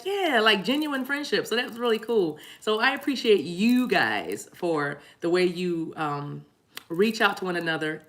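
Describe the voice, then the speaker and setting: Woman tarot reader with a lowish voice, casual live-stream host, laughs easily and rambles, chatty. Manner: chatty, laughs often, warm "y'all" asides; rambling with restarts and apologies.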